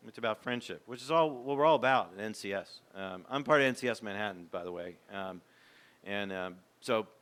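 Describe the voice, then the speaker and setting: A man's voice: on the low side, animated, a little fast, fairly bright tone. A man in his fifties, a former pastor, giving a candid, reflective, conversational talk to a men's gathering.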